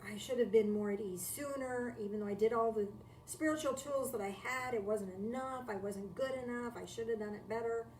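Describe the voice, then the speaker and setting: Live-streaming a spiritual talk from home, this woman speaks a little fast with hardly any pauses, her fairly high voice slightly mellow. As a spiritual teacher, she keeps a reflective, conversational tone, repeating key phrases and asking rhetorical questions. The recording has an echoey room, a distant mic, and faint noise.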